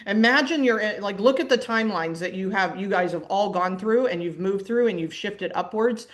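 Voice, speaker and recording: A middle-aged woman coach speaks in an animated, looping teaching style. She restarts her sentences often and breaks into laughter, and her voice sits at a middling pitch. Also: normal speed. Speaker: mindset coach. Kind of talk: casual teaching monologue.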